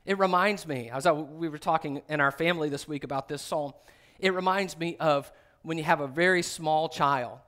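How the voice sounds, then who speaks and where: A middle-aged man preaching a sermon, reading scripture and acting out quoted voices with big jumps in pitch. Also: a bit bright. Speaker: pastor.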